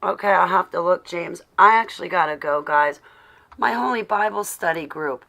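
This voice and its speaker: Low, gravelly woman chatting on a livestream. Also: moderate pace. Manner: flustered, talks to herself while searching; affectionate shout-outs to viewers. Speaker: livestream host. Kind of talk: casual livestream chat.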